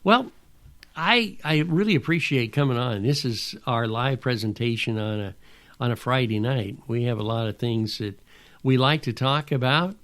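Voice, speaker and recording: A man hosting a podcast in a rambling, folksy monologue with sarcastic asides. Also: medium pitch. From Pacific Northwest. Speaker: podcast host. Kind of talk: casual monologue.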